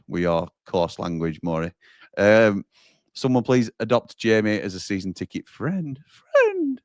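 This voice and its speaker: A young man hosts a live football watchalong, bantering and reading viewer comments aloud. His voice sits low and the sound is dry and close. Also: dry recording. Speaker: watchalong host.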